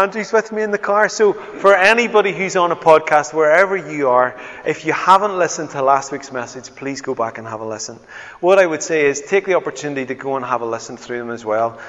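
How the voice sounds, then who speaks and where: A man preaching a sermon as pastor, swinging from loud exclamations to hushed, tender words. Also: fairly high pitch. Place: church hall. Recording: dull sound with long church reverb.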